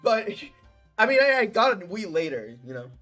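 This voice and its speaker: A man's voice: sits high, sing-song, moderate pace, pushed and bright, faint music behind. A young man in his twenties, a podcast host telling a story in rambling casual chat, swearing often. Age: 20s. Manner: rambling, swears a lot, acts out quotes.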